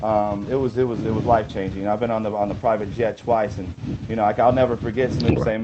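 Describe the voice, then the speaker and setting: A man's voice: mid-range voice, fairly even intonation, fast, darkish tone, slight background noise. Rambling man telling road stories. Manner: rambling anecdotes, leans on "you know". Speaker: interview guest. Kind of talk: casual storytelling. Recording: slightly dull lo-fi sound.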